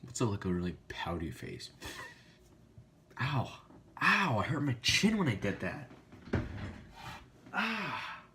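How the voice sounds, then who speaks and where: Young guy botching his lines and muttering at himself, normal pitch, bit of hiss in the background. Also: huge pitch swings, slow, pauses often, pushed and bright. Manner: self-mocking, stumbling over lines. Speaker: vlogger filming outtakes. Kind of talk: bloopers of a scripted advice video.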